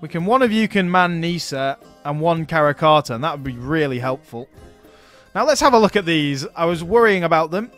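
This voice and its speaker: A man with a somewhat high voice talks casually through a strategy game, thinking aloud as he goes. He is chatty and laughs easily, with faint music playing underneath. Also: expressive, fairly quick, a bit bright. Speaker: let's play host.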